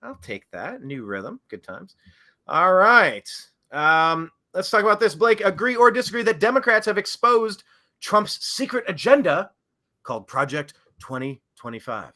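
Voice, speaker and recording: Bright-voiced sarcastic male co-host. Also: sits high, big pitch swings, a little slow. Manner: playful, mock-serious, sarcastic. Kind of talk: sarcastic political talk show banter.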